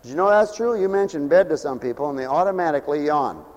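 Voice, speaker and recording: A male preacher delivering an animated, joking sermon, swinging between loud calls and hushed asides. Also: a little high, fast, lo-fi sound. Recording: long hall reverb.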